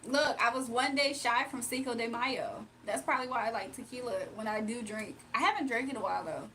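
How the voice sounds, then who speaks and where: A woman's voice: a little high, fairly quick, fairly bright tone, slight background noise. A young woman on a livestream, reading viewer comments aloud and answering them bluntly and confrontationally. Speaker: livestreamer giving spiritual readings.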